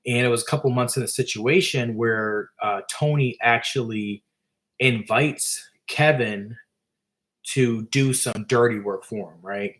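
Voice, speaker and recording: A man's voice: mid-range voice, measured pace, fairly bright tone. Rambling casual male storyteller. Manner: rambling, filler-heavy. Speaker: author and storyteller.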